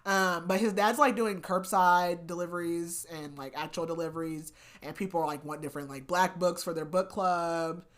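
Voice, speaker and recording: Chatty woman recapping a book, lower voice. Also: normal speed, hardly any pauses. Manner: chatty, heavy use of "like", animated retelling of scenes. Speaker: book podcast host. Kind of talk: casual book recap chat.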